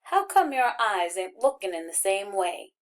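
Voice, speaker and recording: A woman's voice: mid-range voice, very animated, close to an everyday voice. A woman reading an audiobook, voicing a friendly, boastful country boy from Arkansas with a folksy drawl. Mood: friendly, curious. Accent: rural Arkansas. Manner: folksy drawl, jabbering fast and eager.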